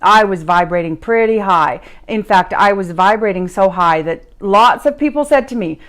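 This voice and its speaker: A woman's voice: medium pitch, lively intonation, normal speed. Upbeat woman giving a motivational talk. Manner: upbeat, repeats key phrases for emphasis. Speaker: podcast host and life coach. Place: live stream recorded at home.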